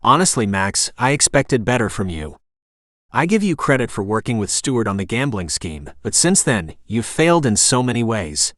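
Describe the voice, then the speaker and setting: A cool-headed young hero with a dry, drawling way of talking who stays calm under threat, as a male narrator plays him. The voice is at a middle pitch, recorded dry and close. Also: normal speed, dry recording. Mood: mocking. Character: cool young man, wry and protective.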